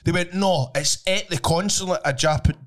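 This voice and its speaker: A man's voice: high voice, normal speed. A Scottish man co-hosting a podcast, telling a long rambling story and tagging "right?" onto nearly every line. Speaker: podcast co-host. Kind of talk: casual chat.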